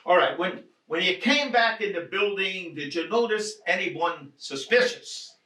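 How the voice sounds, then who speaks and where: A man's voice: high-pitched, expressive, measured pace, pushed and bright, full character voice. A man playing a blustering, nervous husband. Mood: agitated. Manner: blustering, swears and rants. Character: irritable, nervous husband after a burglary. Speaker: stage actor. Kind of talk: stage play performance. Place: theatre stage. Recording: roomy stage sound from a distant mic.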